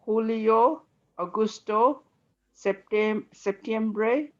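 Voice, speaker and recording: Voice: medium pitch, a little mellow. Hesitant student on a dull call. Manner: hesitant, slow, self-correcting. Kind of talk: online language class. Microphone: video call.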